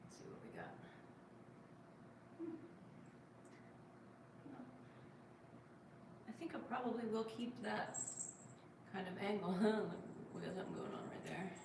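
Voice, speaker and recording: Female livestream host, relaxed and chatty, reads comments aloud; sits back from the mic in a boomy room. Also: a little slow, long pauses, noisy background. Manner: chatty, reads viewer comments aloud and coos at her cat. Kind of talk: casual livestream chat. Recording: very echoey room, distant mic, faint ambience.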